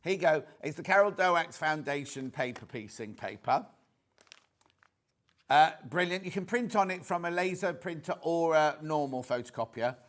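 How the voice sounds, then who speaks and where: A British man hosting live TV sales, talking in a chatty, rambling way that keeps doubling back on itself. His voice sits a little high for a man. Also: expressive, moderate pace, a bit bright. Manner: chatty, repeats words, reads out viewer messages. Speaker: shopping channel presenter.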